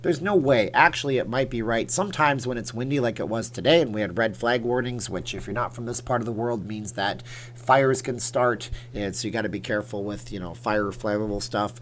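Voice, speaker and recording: A man's voice: medium pitch, a little fast, a bit bright, slight background noise. A man hosting a casual livestream, chatting in a rambling, opinionated way while answering viewer comments. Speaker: livestream host.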